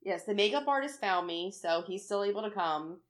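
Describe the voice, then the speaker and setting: A woman's voice: mid-range voice, brisk, a crowd in the background. A woman in casual chat, telling a story with lots of feeling, acting out what she said and cursing freely. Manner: animated storytelling, acts out her own quotes, swears freely.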